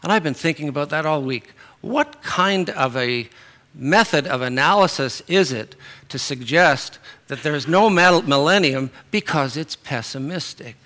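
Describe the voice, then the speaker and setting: A man's voice: fairly high pitch, bright, forceful tone. A middle-aged man preaching a sermon in a conversational way, with fillers and restarts.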